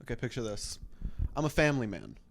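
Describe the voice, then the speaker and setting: A man's voice: mid-range voice, wildly swooping pitch, fast talker, creaky, slight background noise. A man in his thirties co-hosting a podcast, telling a rambling comic story in casual chat. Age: 30s. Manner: rambling storyteller, acts out voices. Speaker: podcast co-host.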